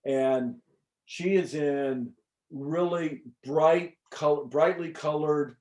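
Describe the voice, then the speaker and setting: A middle-aged man, an interview guest, telling a personal story in a casual, animated way with many fillers and the odd swear word. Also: fairly high pitch, drawn-out words. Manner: animated, chatty, frequent fillers and restarts. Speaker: interview guest recounting an experience.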